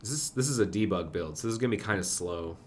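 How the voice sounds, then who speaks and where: A man's voice: low voice, animated, fast, slight background noise. A man streaming himself coding, thinking aloud and muttering to himself in a casual way. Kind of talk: casual live-coding commentary.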